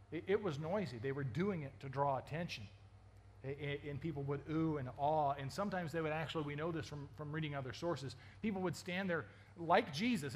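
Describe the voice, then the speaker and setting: A man's voice: a little high, a bit bright, a little hiss or hum. A man preaching a sermon as a pastor, talking conversationally with many stammered restarts and questions to the congregation. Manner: asks the congregation questions and jokes.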